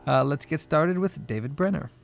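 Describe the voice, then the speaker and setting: A man's voice: a little high, animated, moderate pace, vocal fry. A man hosting a comedy radio show, chatting loosely with fillers and asides. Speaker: radio host. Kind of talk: casual radio introduction. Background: guitar music.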